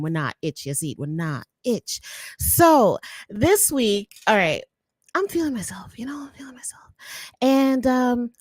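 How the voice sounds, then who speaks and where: A woman hosting a podcast, chatting casually in a playful, excitable way. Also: on the low side, no room sound. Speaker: podcast host and radio presenter. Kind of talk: casual chat.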